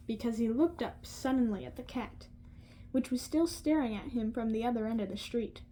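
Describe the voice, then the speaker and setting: A woman reading a novel aloud slowly and carefully, with some slips. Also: fairly high pitch, mellow, a little hiss or hum, rough recording. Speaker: audiobook reader.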